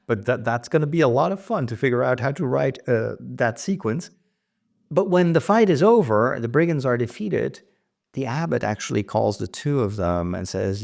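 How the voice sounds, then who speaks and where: Guy with a creaky voice rambling through his story ideas, casual vlog talk. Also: mid-range voice, lively intonation, moderate pace, a little mellow. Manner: rambling, thinking aloud with frequent restarts. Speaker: writer and vlog host.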